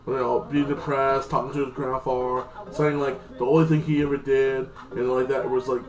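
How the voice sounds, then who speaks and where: A man's voice: mid-range voice, little pitch movement, normal speed. A man casually recapping a TV episode in a rambling, crude way, full of fillers. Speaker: TV episode reviewer. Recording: echoey room with music.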